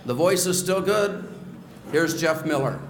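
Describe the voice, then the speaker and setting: A man's voice: a little high, expressive, unhurried. A man emceeing a banquet, formally introducing the next speaker. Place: banquet hall at a social event. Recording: echoey hall, faint noise.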